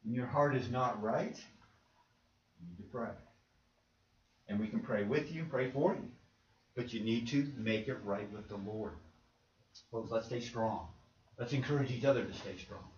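A man's voice: mid-range voice, moderate pace, long pauses. A man preaching an earnest, plain-spoken sermon to his congregation in a church, calling them "folks". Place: church sanctuary. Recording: roomy, distant, muffled church recording.

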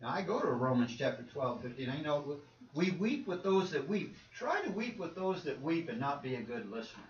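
A man's voice: a little high, sing-song, normal speed. A man preaching a sermon with emphatic delivery, repeating words and acting out the quotes he cites. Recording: roomy, distant, dull with faint noise.

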